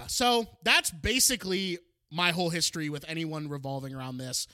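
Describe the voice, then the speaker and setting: A man's voice: on the high side, normal speed, sharp tone, no room sound. Casual podcast guy, young, jokes a lot, dry close sound. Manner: jokey, laughs often, rambling. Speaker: podcast co-host.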